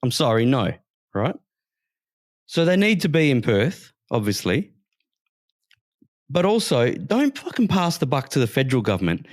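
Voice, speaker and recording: A man's voice: mid-range voice, sing-song, moderate pace, pauses often, dry recording, studio quality. A man from Western Australia, co-hosting a casual podcast and ranting heatedly, with swearing. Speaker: podcast co-host.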